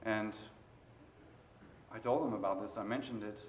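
A man preaching a sermon, moving between quiet stretches and loud, emphatic passages. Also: fairly low pitch, moderate pace, slight background noise. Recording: roomy echo.

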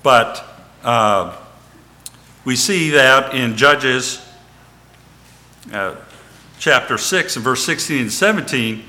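A man's voice: medium pitch, expressive, slow, pauses often, pushed and bright. A man giving an informal Bible teaching, reading scripture and retelling it in everyday words, with frequent fillers and restarts. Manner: reads scripture aloud, then retells it in plain everyday words.

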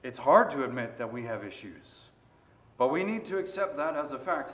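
A man preaching a sermon, moving between quiet stretches and loud, emphatic passages. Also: mid-range voice, lively intonation, moderate pace. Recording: roomy echo.

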